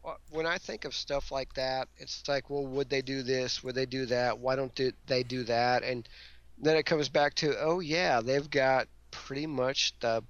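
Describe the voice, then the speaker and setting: This is a man moderating a casual panel chat with a joking, rambling manner. His pitch sits in the middle. The recording is dull and lo-fi. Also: steady tone, unhurried, dry recording.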